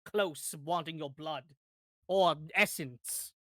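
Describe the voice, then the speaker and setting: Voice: mid-range voice, slow, dry recording, clean studio sound. A player speaking in character in a tabletop game, polite and formal.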